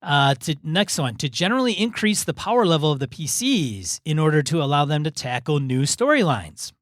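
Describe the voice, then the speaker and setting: A man's voice: a little high, big pitch swings, dry recording, studio quality. A man co-hosting a gaming podcast in casual chat, reading a listener email aloud with easygoing asides. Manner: easygoing, reads in measured chunks with asides. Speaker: podcast co-host.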